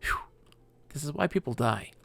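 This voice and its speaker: A man's voice: a little high, expressive, normal speed, gravelly, bright, forceful tone, husky, no echo. A man streaming a game live, chatting with viewers and talking to himself as he plays. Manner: chatty, talks to viewers and himself while playing. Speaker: gaming streamer. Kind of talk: live-streamed gameplay chat.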